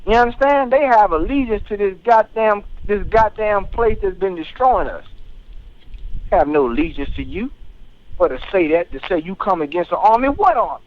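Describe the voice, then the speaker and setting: Fiery high-voiced man on talk radio. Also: expressive, normal speed, dull audio. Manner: fiery, preachy, keeps asking "you understand?". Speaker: radio talk show host. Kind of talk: heated political commentary.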